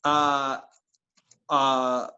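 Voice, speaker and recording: A man narrating as game master for a tabletop game, talking in a halting way with many fillers. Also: mid-range voice, little pitch movement, sharp tone, lo-fi sound.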